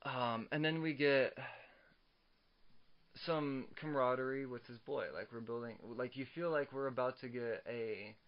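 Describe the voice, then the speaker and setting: A man's voice: mid-range voice, fairly even intonation, measured pace, dull audio. A young man co-hosting a casual comics podcast, swearing a lot and stammering through restarts as he rants. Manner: profane, ranting, stammers on restarts. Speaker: podcast co-host.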